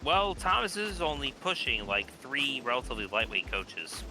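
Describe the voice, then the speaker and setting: A man chatting on a game stream, excitable and quick to laugh. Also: mid-range voice, background noise. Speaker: stream co-player. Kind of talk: casual game-stream chat.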